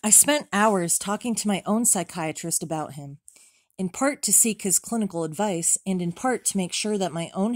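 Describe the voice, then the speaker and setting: A woman reading a memoir aloud as an audiobook, in a measured, steady way with even pauses. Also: medium pitch, no echo, studio quality. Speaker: audiobook reader.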